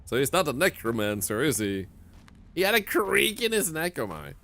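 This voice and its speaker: Lively Swedish-accented male game streamer. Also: on the high side, moderate pace. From northern Sweden. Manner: chatty, answers chat, laughs often. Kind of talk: casual live-stream commentary.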